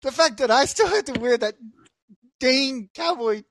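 A man hosting a casual sports podcast, telling stories in an animated way and laughing often. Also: very high voice, unhurried, dry recording. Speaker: podcast host. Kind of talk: casual chat.

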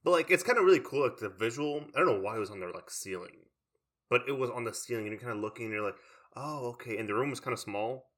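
A man's voice: medium pitch, animated, fast, fairly bright tone. A young man chatting casually, rambling with lots of "like" fillers. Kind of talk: casual chat.

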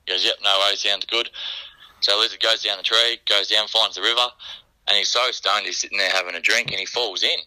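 A man with an Australian accent telling a joke in a relaxed, casual chat. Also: on the low side, fast talker, low-quality recording. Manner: laid-back, storytelling. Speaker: guest joke teller.

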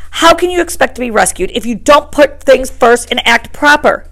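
A woman reading aloud and voicing an anxious, indignant plump schoolboy who scolds in a shrill, breathless way. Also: expressive, normal speed, fairly bright tone.

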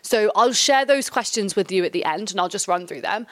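A woman's voice: mid-range voice, animated, fairly quick, no echo. Chatty young woman, dry close sound. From England. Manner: chatty, warm-hearted, rambling asides. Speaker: podcast host. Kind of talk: casual solo podcast chat.

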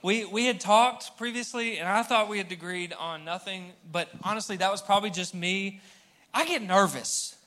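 A young man preaches to a church crowd in a loose, joking way. His voice sits a little high and sounds bright and forceful. He talks straight to the listeners like he's chatting with friends. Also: normal speed. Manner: humorous, conversational, addresses the crowd directly. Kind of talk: sermon to a live congregation. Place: church hall with audience.

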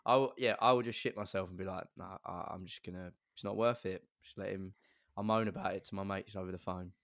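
A man's voice: low-pitched, fast talker, no room sound, clean studio sound. A young man, a podcast co-host telling a rambling anecdote in casual chat. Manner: rambling, animated anecdote with quoted voices.

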